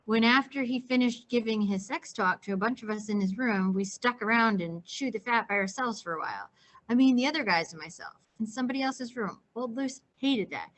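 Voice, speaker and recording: A woman teacher reading a novel aloud to her class in steady, plain narration. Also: mid-range voice. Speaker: English teacher.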